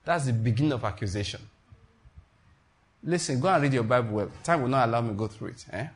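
A man's voice: mid-range voice, lively intonation, fast. A man preaching a sermon in an emphatic, repetitive style, calling out to his congregation. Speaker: pastor.

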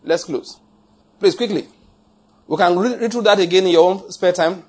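Husky preacher, jokey and emphatic. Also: male voice, high-pitched, normal speed, darkish tone. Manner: jokey and emphatic, laughing at his own points, repeating lines. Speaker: pastor. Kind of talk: sermon.

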